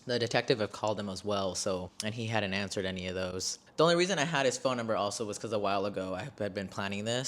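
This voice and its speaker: A young man in his twenties with a somewhat low voice tells his own story straight to the camera. He is blunt and emotional, swears freely, and circles back over his words when he gets worked up. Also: a bit bright, slight background noise. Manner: repeats and restarts phrases when worked up. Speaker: vlogger.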